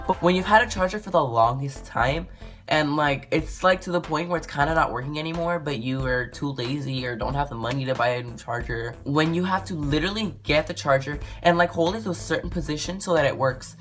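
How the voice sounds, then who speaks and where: A woman with a low voice rants casually to camera, rambling and exasperated. She fills her talk with "like" and swings from loud outbursts to muttering. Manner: exasperated, rambling, says "like" a lot. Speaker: vlogger.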